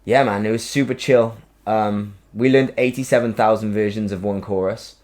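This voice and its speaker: Chatty man with a low voice. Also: moderate pace. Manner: animated storytelling, swears freely, acts out quotes. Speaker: podcast host. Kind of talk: casual chat.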